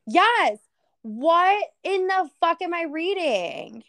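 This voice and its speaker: A woman's voice: very high voice, big pitch swings, slow pace, a bit bright, dry recording. A woman co-hosting a podcast in casual chat, incredulous and laughing, swearing freely. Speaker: podcast co-host.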